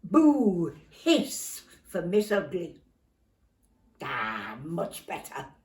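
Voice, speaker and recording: A woman's voice: on the low side, huge pitch swings, drawn-out words, a little mellow, roomy sound, far from the mic, heavily acted. An older woman reading a storybook, voicing a mischievous scheming schoolboy in a sly, gleeful way.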